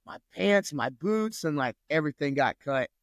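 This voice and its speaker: A man's voice: a little high, expressive, normal speed, dry recording, clean studio sound. A man, a podcast guest telling a story in loose casual talk full of swearing and fillers. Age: 30s. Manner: loose, profane, lots of "like".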